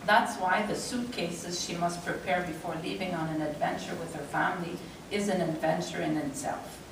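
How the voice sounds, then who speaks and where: A woman's voice: on the low side, normal speed, vocal fry. Woman presenting an award, choked up and giggly, recorded from far off with background noise. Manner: emotional, laughing, near tears. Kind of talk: reading a tribute speech. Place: large convention hall. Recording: echoey hall, distant mic, noisy.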